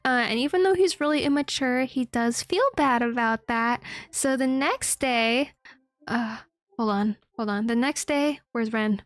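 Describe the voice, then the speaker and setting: A woman's voice: fairly high pitch, a little slow, no echo, clean studio sound. A woman streamer chatting casually and recapping a manga, giggling often and swearing freely.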